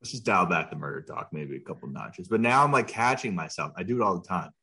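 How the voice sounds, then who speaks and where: A young adult man co-hosting a casual podcast, laid-back and quick to laugh. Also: deep voice, expressive, bright, forceful tone, husky. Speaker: podcast co-host.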